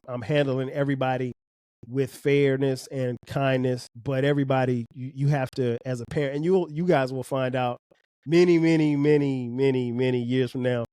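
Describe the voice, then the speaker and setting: A man's voice: medium pitch, a little mellow, no room sound, studio quality. A middle-aged man, a podcast host and father, talking earnestly about parenting, often restarting and repeating words. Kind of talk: reflective casual talk.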